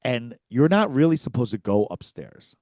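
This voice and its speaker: A man's voice: mid-range voice, normal speed, no echo, studio quality. A man co-hosting a comedy podcast, telling a story with lots of swearing and acted-out quotes. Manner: animated, profane, acts out quotes.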